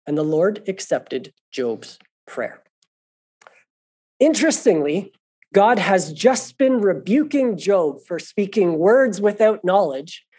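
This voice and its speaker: A man's voice: sits high, a little mellow. A man leading a conversational Bible study lesson, thinking aloud and explaining points patiently. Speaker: Bible teacher.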